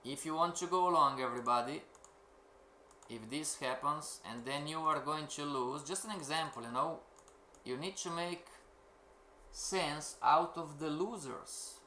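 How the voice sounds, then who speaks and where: A man delivers a live-streamed trading lesson in slow, deliberate English that is not his first language. His voice is bright and fairly high, and he peppers the class with rhetorical questions. The room is echoey, with faint keyboard typing behind him. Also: slight background noise. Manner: asks rhetorical questions, keeps calling out "everybody". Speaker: trading course instructor.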